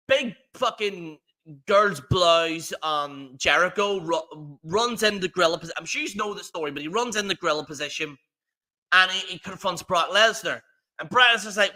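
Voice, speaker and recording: A man's voice: high-pitched, normal speed, pushed and bright. A man hosting a livestream, ranting in a profane, rambling, mocking way. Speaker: livestream host. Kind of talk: casual rant on a livestream.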